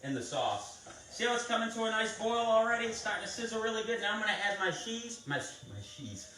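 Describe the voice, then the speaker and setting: A man's voice: high voice, quick pace, pushed and bright, a little hiss or hum. A man hosting a live cooking stream, chatting viewers through each step of a recipe in a casual way. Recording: echoey kitchen, mic at a distance.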